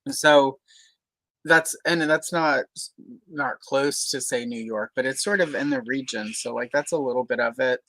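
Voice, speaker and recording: A woman's voice: extremely low pitch, measured pace, a bit bright, no room sound, poor audio. A woman from Louisiana hosting a casual livestream chat, talking in a chatty way with many fillers and careful, neutral speech. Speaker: host.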